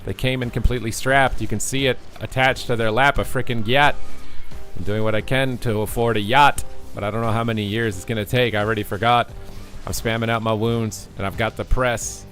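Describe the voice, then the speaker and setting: A man's voice: mid-range voice, steady tone, fairly quick, fairly bright tone, faint music behind. A man rapping playful rhyming commentary over his own game match. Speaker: gamer streamer.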